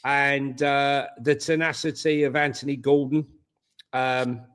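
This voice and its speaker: A man's voice: medium pitch, level tone, a little slow, fairly bright tone, clear, resonant tone. A man co-hosting a casual football watchalong, talking conversationally with many hesitations. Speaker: co-host.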